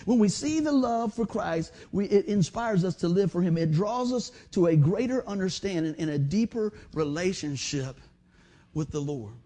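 Husky high-voiced folksy preacher man. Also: lively intonation, normal speed, dark tone. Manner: folksy storytelling, fillers like "man". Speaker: pastor. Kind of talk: sermon.

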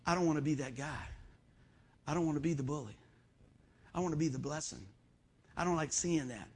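A middle-aged man preaching a sermon as pastor, in a folksy, animated storytelling way. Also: fairly high pitch, brisk, slightly rough.

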